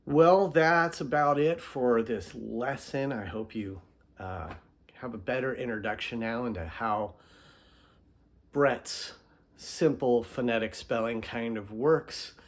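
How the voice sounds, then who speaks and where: A man teaching a pronunciation spelling method in a relaxed, explanatory way, with fillers and asides. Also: medium pitch, slow pace. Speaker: instructor. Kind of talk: casual screen-recorded lesson.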